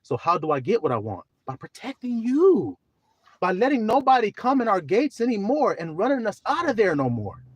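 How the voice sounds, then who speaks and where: A man preaching on a livestream, swinging from soft talk to shouting and drawing out scripture slowly. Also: high-pitched, big pitch swings, slightly rough, no room sound. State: teary. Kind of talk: livestream sermon.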